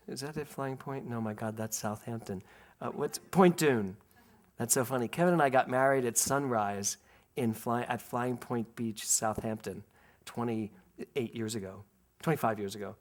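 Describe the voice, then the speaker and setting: A middle-aged man from Philadelphia, preaching a sermon to his congregation and acting out a family story. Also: mid-range voice. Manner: animated storyteller, laughs and acts out voices, speaks to the congregation. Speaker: minister. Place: spiritual center sanctuary.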